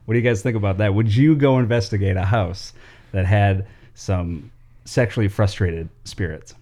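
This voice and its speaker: A man runs through his podcast segments in a relaxed, rambling way. He laughs easily and fills gaps with ums, his voice sitting a bit low. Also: normal speed. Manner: loose and chatty, laughs easily, lots of ums. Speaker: podcast co-host presenting segments. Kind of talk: casual chat.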